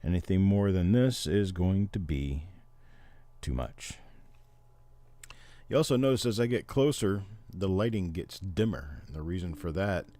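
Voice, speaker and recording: Middle-aged man, livestream host, chatty explainer, very low voice, dry close sound. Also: lively intonation, a little slow, warm tone, no room sound. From Missouri, Oklahoma and Memphis, Tennessee. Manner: chatty, explanatory, answers viewers. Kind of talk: casual livestream commentary.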